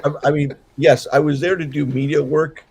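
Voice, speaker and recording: A man's voice: a little high, flat delivery, normal speed, creaky, darkish tone, breathy edge. A man co-hosting a political podcast, tired after a late night, talking in a loose, rambling way with many restarts and fillers. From Southern California. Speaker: podcast co-host. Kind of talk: casual political chat.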